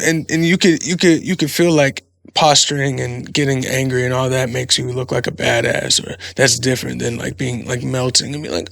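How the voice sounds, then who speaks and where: A man's voice: medium pitch, vocal fry, a bit bright, no echo, studio quality. A man hosting a podcast, talking in a casual, rambling monologue full of profanity. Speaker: podcast host.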